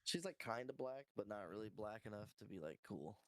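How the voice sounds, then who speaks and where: A man co-hosting a podcast who talks in a profane, offhand, joking way while high. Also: animated, brisk, fairly bright tone, no echo. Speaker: podcast co-host. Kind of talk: casual chat.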